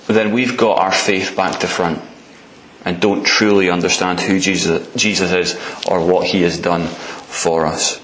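A man preaching a sermon, telling the story calmly and then pressing his point with raised, pleading emphasis. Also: sits low, a little slow, a little hiss or hum. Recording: roomy echo.

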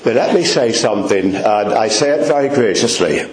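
A man's voice: medium pitch, animated, normal speed, slight background noise. A man preaching a sermon, addressing the congregation by name with fervent, repeated emphasis. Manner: speaks directly to congregation members by name. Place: church hall before a congregation. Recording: roomy hall echo.

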